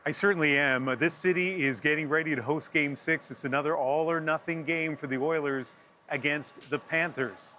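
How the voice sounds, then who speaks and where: A man anchoring a news broadcast live from an outdoor city plaza, speaking in a clear, measured way. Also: a little high, bright, forceful tone, slight background noise. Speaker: news anchor reporting on location.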